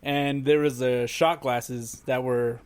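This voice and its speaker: A man's voice: medium pitch, fairly even intonation, slow pace, crowd noise. A man hosting a casual podcast, telling a rambling party story and laughing through it. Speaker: podcast host.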